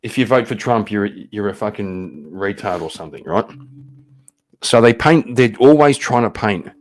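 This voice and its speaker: A man's voice: fairly low pitch, lively intonation, moderate pace. A man hosting a stream, reacting to clips in blunt, rambling, profane talk. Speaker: stream host. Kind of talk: casual reaction commentary.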